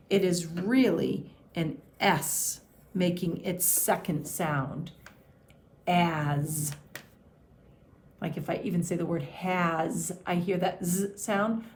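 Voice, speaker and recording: A woman teacher giving a patient phonics and handwriting lesson to young children, sounding out each letter slowly. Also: fairly low pitch, a little mellow, slight background noise.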